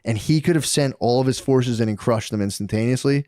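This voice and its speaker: A man's voice: medium pitch, a little fast, a little mellow, no echo, clean studio sound. A man co-hosting a podcast, retelling history in a rambling, profane way full of bro slang. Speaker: podcast co-host. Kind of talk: casual history storytelling.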